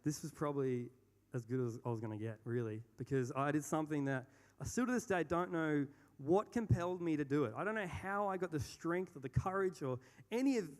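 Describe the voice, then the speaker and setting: Young man, Australian accent, slightly high voice, rambling with fillers, long hall reverb. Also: fairly quick. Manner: rambling and self-deprecating, with many fillers and restarts. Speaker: speaker. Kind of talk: storytelling talk on stage. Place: large hall on stage.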